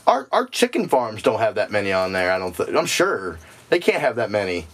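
A man co-hosting a podcast in casual chat, telling stories in an animated, jokey way. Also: fairly low pitch, fairly quick. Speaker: podcast co-host.

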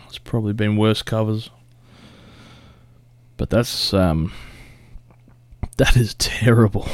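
A man's voice: fairly low pitch, a little mellow, dry recording. A man casually reacting to a song cover, blunt and swearing often, with short laughs. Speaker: music reaction host.

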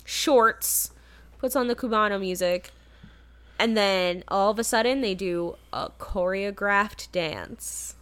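A young woman talks through a film's plot in a loose, rambling way. Her voice sits at an ordinary middle pitch. She laughs often, keeping the tone casual. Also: unhurried, a bit bright, clear, resonant tone. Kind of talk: casual movie recap chat.

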